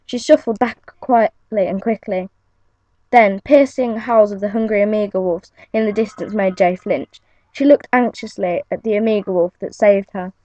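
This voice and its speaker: A young woman reading her own adventure story aloud, in an earnest, steady storybook manner. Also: medium pitch, no room sound. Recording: muffled lo-fi home recording.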